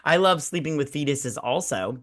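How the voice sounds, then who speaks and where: A man's voice: mid-range voice, animated, a little fast, a bit bright. A man hosting a casual movie-review podcast, rambling and swearing, acting out people in mocking quoted voices. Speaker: podcast host. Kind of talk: casual drinking-show movie chat.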